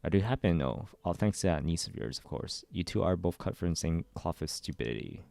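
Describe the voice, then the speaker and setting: A man reading the lines of a cold, blunt old male warrior in a low, gravelly voice. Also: expressive, brisk, darkish tone, dry recording. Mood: scornful.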